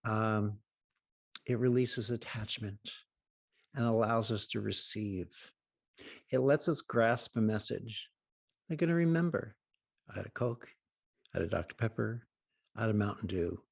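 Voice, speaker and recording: A man hosting a healing program, telling humorous anecdotes with wry asides and pauses. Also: lowish voice, fairly even intonation, gravelly, slightly rough, dry recording, studio quality. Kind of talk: humorous storytelling talk.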